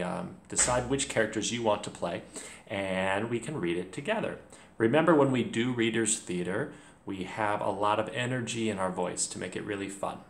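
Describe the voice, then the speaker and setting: A male teacher leading a reading lesson for children at home, talking in an energetic, playful and encouraging way. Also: lowish voice. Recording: echoey room.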